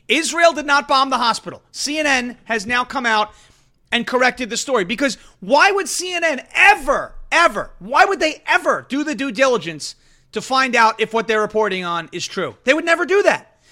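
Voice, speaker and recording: Brash male commentary host, bright forceful voice, sarcastic, mocking. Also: very high voice, animated, moderate pace. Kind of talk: political commentary show.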